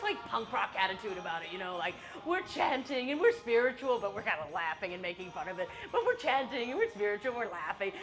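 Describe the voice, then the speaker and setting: A woman's voice: mid-range voice, a bit bright. A middle-aged woman performing an autobiographical stage monologue, telling her story with wry, irreverent humor and crude asides, and briefly acting out her own past voice. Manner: acts out her own past voice in quick bursts. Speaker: solo show performer. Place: theater stage.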